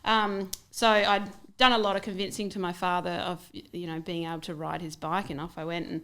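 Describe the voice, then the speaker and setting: A woman's voice: fairly low pitch, flat delivery, brisk, a bit bright, smooth. A woman guest on a podcast, talking casually with many fillers and restarts. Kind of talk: casual interview chat.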